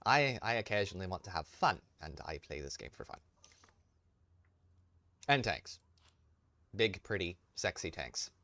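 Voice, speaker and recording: A man's voice: low voice, big pitch swings, unhurried, pauses often. A man streaming a tank game with casual, joking, rambling commentary. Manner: joking, rambling, playfully theatrical. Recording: loud game noise behind voice. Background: tank game sounds.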